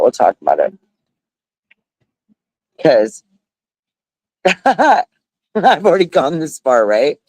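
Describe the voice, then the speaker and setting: A man's voice: mid-range voice, a little mellow, no room sound, poor audio. Emotional rambling older man, dry sound. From United States. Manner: emotional and rambling, laughs often, says y'all. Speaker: livestream host. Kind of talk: casual heartfelt livestream chat. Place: outdoors at a beach resort. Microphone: phone.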